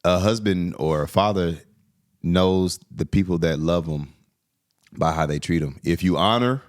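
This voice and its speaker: A man's voice: low-pitched, unhurried. A middle-aged man hosting an interview podcast, chatting in a folksy, reflective way and asking follow-up questions. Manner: folksy, reflective, drops sayings and asks follow-ups. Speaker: podcast host. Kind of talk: casual interview chat.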